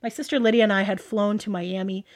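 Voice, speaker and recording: A guest from the Toronto area in Canada tells a casual story, chatty and gushing, packed with "like" and quoted dialogue. Her medium-pitched voice stays steady, and she talks fast.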